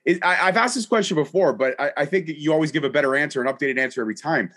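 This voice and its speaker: A man's voice: fairly high pitch, rapid-fire. A man in his thirties hosting a casual interview podcast, joking and swearing freely. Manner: animated, jokey, swears freely. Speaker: podcast host.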